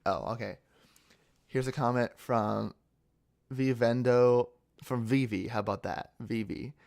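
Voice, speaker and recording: The speaker is a young ASMR channel host from central Pennsylvania, United States, going over viewer comments in a casual, rambling chat full of fillers and restarts. He speaks at a moderate pace, with a fairly low pitch and vocal fry.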